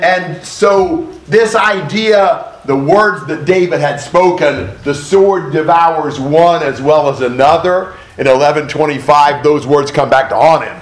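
Man, Bible study teacher: unhurried, emphatic, slightly high voice, echoey room. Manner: thoughtful, emphatic, exclaims for effect.

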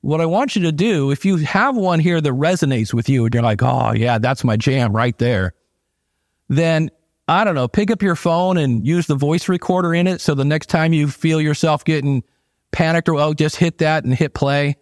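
A man's voice: fairly high pitch, moderate pace, no echo, studio quality. A middle-aged man, preaching a sermon in a casual, conversational way with asides. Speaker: pastor.

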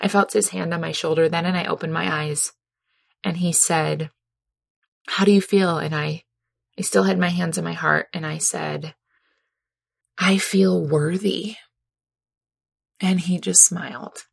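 In a dry space with no echo, a woman with a low, creaky voice speaks at a moderate pace with fairly even intonation. She earnestly shares a heartfelt personal experience, laughing easily throughout this reflective talk.

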